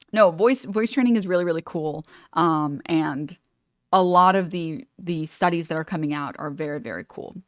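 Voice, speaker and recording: A woman's voice: on the low side, dry recording, clean studio sound. A woman streamer chatting casually while reacting to a video, rambling with many fillers and restarts. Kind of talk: casual live-stream chat.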